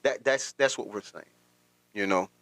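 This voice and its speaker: A man's voice: fairly low pitch, moderate pace, a bit bright, no echo. A man hosting a casual livestream, rambling through commentary with repeated words and frequent laughter. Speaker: livestream host.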